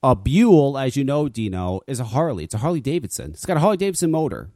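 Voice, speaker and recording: A man's voice: medium pitch, big pitch swings, quick pace, dark tone, no room sound, clean studio sound. A man hosting a talk radio show, ranting casually with lots of swearing and stammered restarts. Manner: profane, stammering rants.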